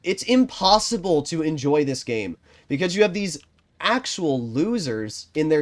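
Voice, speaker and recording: A man's voice: sing-song, measured pace. A man live-streaming a tank game, talking through his plays and ranting when things go wrong. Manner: frustrated ranting, swears often; quiet, low-key strategy talk. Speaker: gaming streamer.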